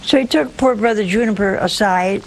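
A woman with a sore throat tells a saint's story to an audience. She speaks at an everyday pitch and breaks in with homely, humorous asides. A faint hum sits behind her voice. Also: moderate pace, poor audio. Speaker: religious storyteller.

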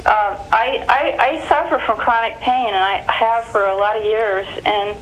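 A woman's voice: fairly high pitch, steady tone, measured pace, rough recording. A woman from California calling in to a show, hesitant, with many ums and restarts. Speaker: caller. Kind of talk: phone-in question.

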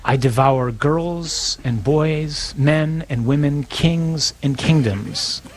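A man voicing a solemn, majestic male lion in a retold storybook scene, speaking slowly and gravely. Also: a little high.

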